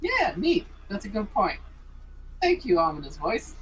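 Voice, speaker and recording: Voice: mid-range voice, huge pitch swings, measured pace, a bit bright, husky, poor audio. A player in a tabletop game, playful and upbeat, asking about rules and describing their moves. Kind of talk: casual tabletop play.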